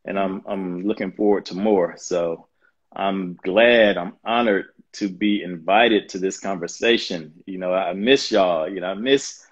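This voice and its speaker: A middle-aged man speaks with a Mississippi drawl in a very low voice. He is a professor on a live video chat, upbeat and easygoing, and often repeats his words as he talks. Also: measured pace, breathy edge, muffled recording. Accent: Southern US, Mississippi. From Jackson, Mississippi. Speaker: professor and guest. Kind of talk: casual livestream conversation.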